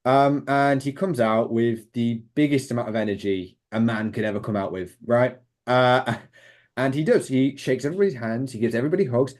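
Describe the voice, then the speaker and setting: Young british guy gushing about his time on set, rambly and excited, average pitch. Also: fairly quick. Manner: enthusiastic, rambling, lots of fillers and quoted voices. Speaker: interview guest, former extra. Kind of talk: casual interview storytelling.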